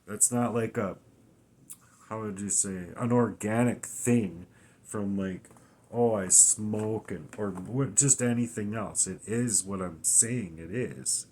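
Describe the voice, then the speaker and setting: A weary, distressed man talking through his troubles in a raw, halting personal monologue, often restarting and swearing. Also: lowish voice, warm tone, slight background noise. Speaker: vlogger.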